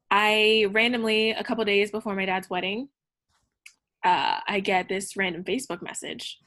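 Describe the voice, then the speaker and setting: A young woman talks on a podcast and shares a personal story. Her voice sits at a middling pitch. She speaks candidly and profanely, with many fillers. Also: a bit bright. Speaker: podcast guest. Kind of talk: casual storytelling chat.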